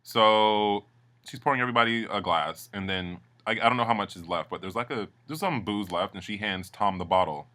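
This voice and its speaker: A man's voice: fairly low pitch, fairly quick, bright, forceful tone. A man casually recapping a reality show, chatty and gossipy, swearing freely. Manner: chatty, gossipy, lots of fillers.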